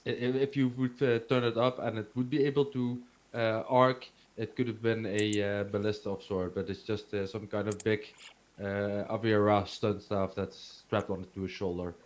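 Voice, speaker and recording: A man in a casual tabletop game, explaining his gear haltingly and padding it with fillers. His voice sits fairly low. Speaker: player. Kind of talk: casual tabletop role-play.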